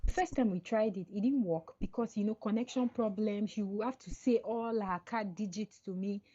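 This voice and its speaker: A woman's voice: mid-range voice, normal speed, breathy edge, highs cut off. A woman guest on a podcast call, chatting casually and acting out the lines of people in her stories. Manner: animated storytelling, acts out quoted dialogue. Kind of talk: casual interview chat.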